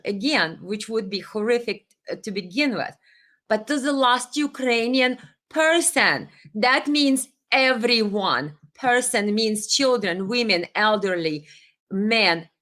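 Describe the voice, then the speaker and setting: A woman hosts a live commentary stream in a voice of ordinary, middle pitch for a woman. She speaks with passion and indignation and stumbles often over fillers and restarts, so it sounds unscripted and heated. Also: a bit bright. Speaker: livestream host. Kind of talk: live political commentary, reading viewer comments.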